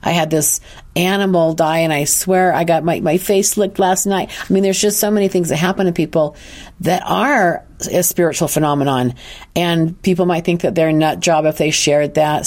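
A woman's voice: fairly low pitch, moderate pace. A woman who works as an intuitive counselor, earnestly telling a personal story on a podcast and often restarting her sentences. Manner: earnest, animated retelling with frequent restarts.

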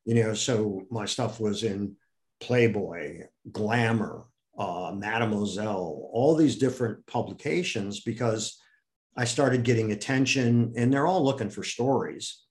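Older man telling lively anecdotes. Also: unhurried. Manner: animated, acts out quoted people with raised pitch. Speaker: interview guest. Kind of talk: storytelling in an interview.

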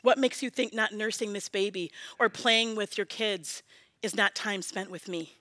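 A woman in her forties preaching a sermon as pastor, earnest and personal, often dropping to a soft prayerful hush. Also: mid-range voice, normal speed, no room sound. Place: church sanctuary.

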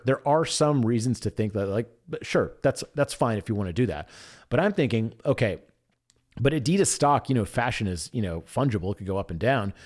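A young man casually telling a personal story in an animated way, dropping into quiet asides and bursting into excited shouts. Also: lowish voice.

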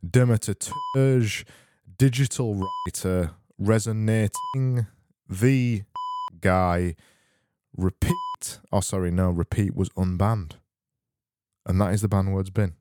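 A man hosting a solo comedy podcast, rambling in a deadpan way and often repeating and restarting his phrases. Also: low-pitched, slow. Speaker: podcast host.

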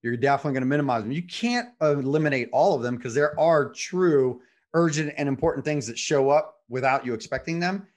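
A man's voice: on the high side, lively intonation, moderate pace. A man hosting a podcast, coaching with a motivational tone and frequent rhetorical questions. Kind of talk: conversational podcast.

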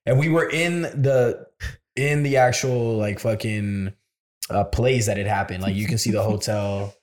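A man's voice: mid-range voice, steady tone, a little slow. A young man co-hosting a podcast in casual chat, easygoing and calling his friends bro. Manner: casual, says bro a lot. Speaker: podcast co-host.

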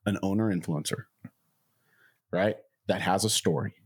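A man's voice: moderate pace, breathy edge. A man co-hosting a podcast, chatting casually with emphatic energy. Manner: emphatic, swooping pitch. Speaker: podcast co-host. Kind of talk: casual chat.

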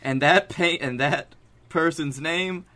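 A man's voice: a little high, slow, sharp tone. A man co-hosting a comedy podcast, riffing in casual banter and slipping into silly voices for jokes. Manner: riffs with jokes and put-on voices. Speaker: podcast co-host.

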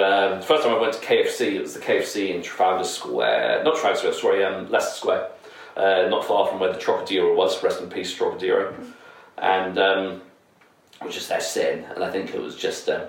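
Lower-voiced man, rambling. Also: fairly quick. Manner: rambling, laughs often, swears casually. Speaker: podcast co-host. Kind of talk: casual chat, storytelling. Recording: echoey room, distant mic.

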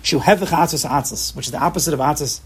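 A man's voice: a little high, fast talker, a little hiss or hum. A man giving an emphatic, repetitive Torah lecture, mixing in Hebrew and Yiddish terms. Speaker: Torah teacher.

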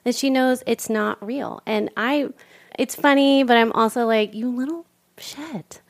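A woman's voice: fairly high pitch, unhurried. Middle-aged woman podcast host, chatty, keeps acting out convos in her stories. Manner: animated storyteller acting out dialogue. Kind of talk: casual chat.

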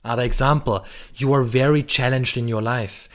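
A man's voice: mid-range voice, steady tone, moderate pace, fairly bright tone. A man hosting a podcast, talking bluntly and emphatically about masculinity, swearing freely. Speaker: podcast host. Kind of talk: monologue on masculinity and relationships.

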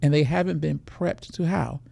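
A man's voice: fairly high pitch, moderate pace, gravelly, mellow, slightly rough, no room sound. A man who is a security expert, explaining how predators work in a podcast interview, walking through scenarios.

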